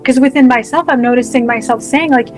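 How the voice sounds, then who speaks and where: A woman's voice: high-pitched, fairly even intonation, a little fast, soft background music, low-quality recording. A woman co-hosting a podcast, talking about spiritual ideas in an enthusiastic, affirming way. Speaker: podcast co-host. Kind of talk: casual spiritual conversation.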